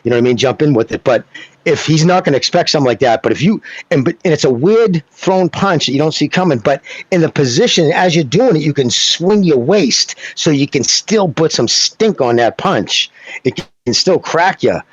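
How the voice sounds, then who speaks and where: A man's voice: a little high, lively intonation, moderate pace, husky, dry recording. A man co-hosting a boxing podcast, talking in a loose, rambling way. He swears casually and keeps checking in with "you know what I mean". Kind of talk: casual chat, technical breakdown. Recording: dull lo-fi sound.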